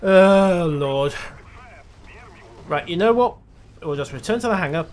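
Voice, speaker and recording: A man's voice: sits high, expressive, measured pace, pauses often. Wry man commentating a tank game. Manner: dry, wry, informative. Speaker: gameplay commentator. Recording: loud game noise behind.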